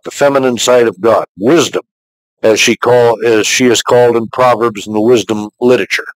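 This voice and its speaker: Older preacher speaking warmly and dry. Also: male voice, medium pitch, dry recording, poor audio. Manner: fatherly, conversational, reads scripture slowly. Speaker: pastor. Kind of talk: recorded teaching message.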